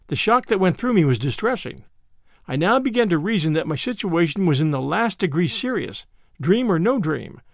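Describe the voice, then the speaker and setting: A male narrator reads a classic novel aloud with theatrical, brash expression. His fairly high voice swings widely in pitch, and the sound is dry and close to the mic. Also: gravelly, no room sound. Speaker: audiobook narrator.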